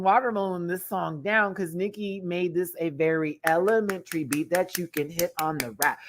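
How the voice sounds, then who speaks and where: A man ranting through a TV review on his vlog, frank and swearing freely. His delivery is animated, dropping to low mutters and then bursting into loud outbursts, and he scats rhythms out loud. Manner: frank and profane, scats beats aloud. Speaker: TV review vlogger. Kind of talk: casual rant review.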